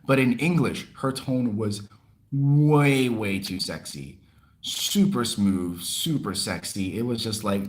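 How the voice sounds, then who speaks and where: A young man hosting a livestream, chatting casually and telling a story in an animated, expressive way. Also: medium pitch, normal speed. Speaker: livestream host. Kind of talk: casual chat.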